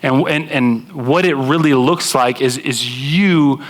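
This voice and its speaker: A young man preaching a conversational sermon to a church congregation, acting out quoted spouses in animated bursts. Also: medium pitch, takes it slowly. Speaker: pastor. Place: church sanctuary with live congregation.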